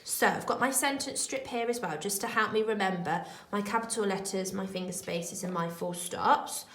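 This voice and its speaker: A woman primary school teacher talking young children through a remote lesson, slow, clear and encouraging. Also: mid-range voice, a bit bright, roomy sound, low-quality recording.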